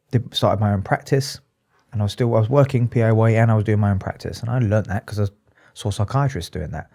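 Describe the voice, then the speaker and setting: A man, a psychotherapist, talking candidly and emotionally in an interview, halting and restarting often. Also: on the low side, mellow. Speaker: psychotherapist and addiction specialist, guest.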